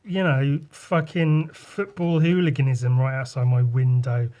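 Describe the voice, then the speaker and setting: A man's voice: mid-range voice, little pitch movement, measured pace, warm tone. A young English man hosting a solo podcast, ranting sarcastically with lots of swearing while he draws. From England. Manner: talks while drawing. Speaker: podcast host, artist.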